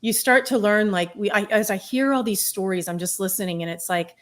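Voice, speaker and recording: Woman, middle-aged, podcast guest, personal storytelling, candid, animated, mid-range pitch. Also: a little fast. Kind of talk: personal storytelling in a round table talk.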